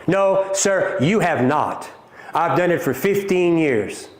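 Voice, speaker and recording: A man's voice: a little high, lively intonation, slow. A middle-aged man with a Southern American accent, hosting a livestream and answering viewer comments in a combative, emphatic way. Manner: combative, emphatic, repeats points, addresses viewers as folks. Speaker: company CEO hosting a livestream. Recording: echoey room.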